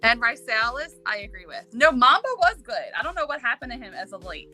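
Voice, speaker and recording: An excitable woman chats casually over a phone, with a bright, slightly high voice. She is expressive and quick to put herself down. Faint music sits in the background. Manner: excitable, self-deprecating, expressive. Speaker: guest player. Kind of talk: casual chat.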